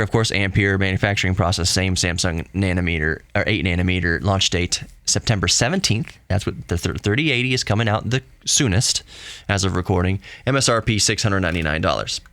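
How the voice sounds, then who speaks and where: A young man hosting a podcast. He reads hardware specs in a casual way, breaks in with excited asides, and closes with an earnest, reassuring sign-off. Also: fairly low pitch, dry recording. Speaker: podcast host.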